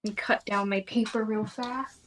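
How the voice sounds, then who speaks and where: A woman's voice: mid-range voice, steady tone, moderate pace, fairly bright tone, a little hiss or hum. A woman guest on a crafting show, thinking aloud about her choices as she works. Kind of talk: casual crafting chat.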